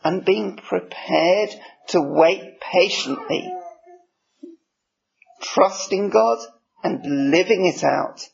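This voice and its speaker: A man preaching a sermon. He reads scripture in a measured way and explains it. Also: high voice, vocal fry, breathy edge. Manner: measured, slow reading of scripture. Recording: dull lo-fi recording.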